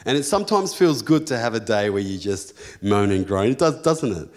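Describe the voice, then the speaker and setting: Australian pastor, storytelling sermon. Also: male voice, on the low side, brisk. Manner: storytelling, jokey and lively, rising to loud preaching.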